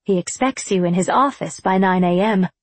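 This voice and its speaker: A woman voicing a brisk, businesslike adult witch who talks in a cool, matter-of-fact way. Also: mid-range voice, no echo, natural voice.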